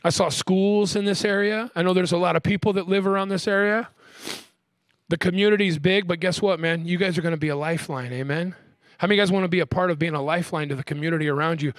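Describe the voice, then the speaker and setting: A man preaching a sermon as pastor, asking the crowd "amen?" and slowing down to stress key words. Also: high-pitched, fairly even intonation, dry recording, clean studio sound. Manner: call-and-response preaching, frequent "amen?".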